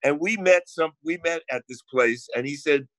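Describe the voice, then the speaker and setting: A man with a New Jersey accent tells brash, salty stories in a bright, forceful voice pitched a little high. His voice sounds dry and close, with no room around it. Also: normal speed, no room sound. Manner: brash storytelling, swears freely. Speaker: guest songwriter. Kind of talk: casual podcast chat.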